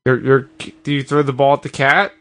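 A male podcast co-host with an ordinary mid-pitched voice. He needles his partner with dry, teasing jokes in casual banter. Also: little pitch movement, a little fast, a bit bright.

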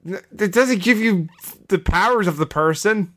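A man's voice: high-pitched, moderate pace, fairly bright tone. Exasperated male podcast host. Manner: exasperated, laughing, explaining. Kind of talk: casual comedy chat.

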